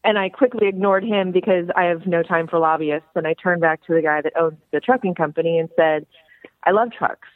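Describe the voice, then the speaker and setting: A woman's voice: on the low side, brisk, few pauses, no room sound. Chatty woman on a tinny phone line. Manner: chatty, outgoing, animated storyteller. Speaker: documentary filmmaker guest. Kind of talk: phone interview storytelling. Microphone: telephone.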